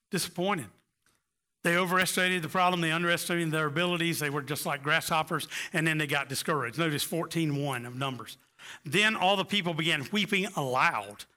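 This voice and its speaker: A man's voice: sits high, bright, forceful tone. A man preaching a sermon with impassioned delivery, rising to emphatic peaks. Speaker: pastor.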